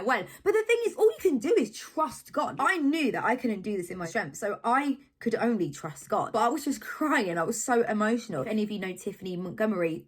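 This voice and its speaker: A young woman from England talks straight to her viewers about her journey, with a voice that leaps up and down in pitch. She tells it casually but with emphatic, preacher-like energy. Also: slightly rough. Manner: animated, emphatic, preacher-like storytelling. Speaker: vlogger sharing a faith testimony. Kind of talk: casual testimony vlog.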